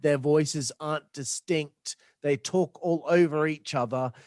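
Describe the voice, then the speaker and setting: Hesitant podcast host. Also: male voice, a little high, unhurried, a little mellow, no room sound, studio quality. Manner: rambling, hesitant, searching for words. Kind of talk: casual podcast chat.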